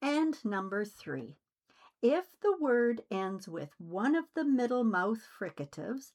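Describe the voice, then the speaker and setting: A woman teaching English pronunciation in a slow, scripted way, carefully enunciating each sound. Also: fairly high pitch, very animated. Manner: deliberate, carefully enunciated delivery.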